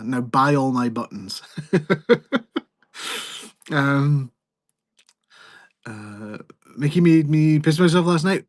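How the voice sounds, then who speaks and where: A man's voice: mid-range voice, dry recording, clean studio sound. A man hosting a selling live stream, chatting in a rambling, joking way. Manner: rambling, jokey, self-interrupting. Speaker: livestream seller host. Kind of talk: casual live-stream chat.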